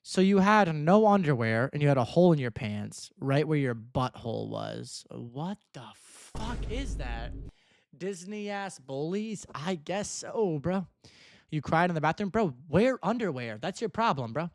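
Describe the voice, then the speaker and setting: Teasing streamer guy, higher voice, dry. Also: very animated, normal speed, creaky, no echo. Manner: teasing, mock-earnest, ends lines with "bro". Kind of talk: casual livestream chat reading viewer messages.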